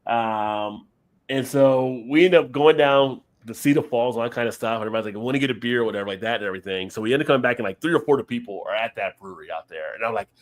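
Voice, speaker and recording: A man's voice: mid-range voice, quick pace. A man with an ordinary, middle-range voice tells loose, rambling stories on a live stream. He drifts through a casual anecdote and breaks into laughter easily. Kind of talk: casual chat, storytelling.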